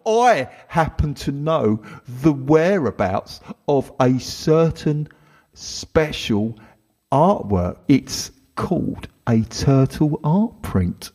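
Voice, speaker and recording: A man's voice: fairly high pitch, sing-song, takes it slowly, darkish tone, voice pushed up, heavily acted. A man voicing a smug, cornered male criminal who taunts a detective and bargains, in a comedy skit advertisement. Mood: smug taunting. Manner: cocky, taunting.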